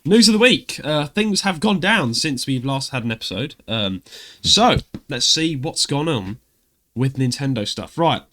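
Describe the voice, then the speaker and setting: Lively Cockney man podcasting. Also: medium pitch, unhurried, slight background noise. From United Kingdom. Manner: lively, ranting, laughs often. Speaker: podcast co-host. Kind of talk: casual chat and news reading.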